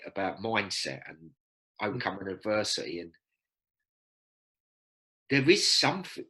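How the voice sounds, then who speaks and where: A man, telling lively stories as a podcast guest and acting out quoted lines. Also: lowish voice, rough recording. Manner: animated storyteller, acts out quotes. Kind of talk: casual storytelling chat.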